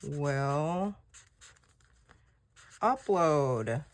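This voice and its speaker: Low-voiced woman rambling candidly. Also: expressive, drawn-out words. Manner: rambling, candid storytelling with quoted dialogue. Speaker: journaling creator. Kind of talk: casual chat while journaling.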